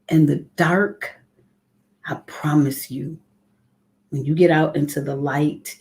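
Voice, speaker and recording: Leading a live morning devotional, a woman ministry leader talks in a low voice with a dark tone. Her manner is warm and conversational, and she welcomes viewers by name.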